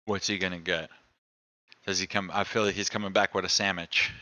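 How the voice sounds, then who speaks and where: A man hosts a casual live stream and tells stories in a loose, profane way. His voice sits low, bright and smooth. The sound is dry and close. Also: brisk, no room sound. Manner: loose, profane, animated when telling a story. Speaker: streamer host. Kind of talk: casual storytelling chat.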